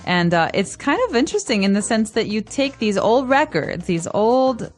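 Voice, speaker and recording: A woman's voice: medium pitch, expressive, moderate pace, faint music behind. A woman co-hosting a language-learning podcast, explaining things patiently with examples in a casual teaching chat. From United States. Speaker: podcast co-host.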